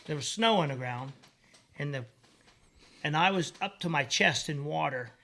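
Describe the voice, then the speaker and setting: A man telling a hunting story in casual talk, loud and stumbling over words. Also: on the high side, moderate pace. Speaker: guest. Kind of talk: casual chat.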